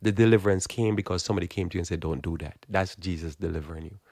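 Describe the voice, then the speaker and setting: Man, low gravelly voice, blunt informal preaching, dry close sound. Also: racing, a little mellow, dry recording. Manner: emphatic, blunt, repeats words while building a point. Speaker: Christian preacher.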